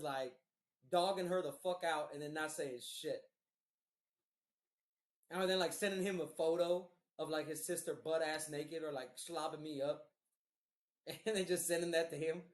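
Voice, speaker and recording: Young male co-host, lively swearing storyteller who laughs a lot; roomy echo on the voice. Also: fairly high pitch, normal speed. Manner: animated, profane, laughs often, slangy. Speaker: podcast co-host. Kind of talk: casual storytelling chat.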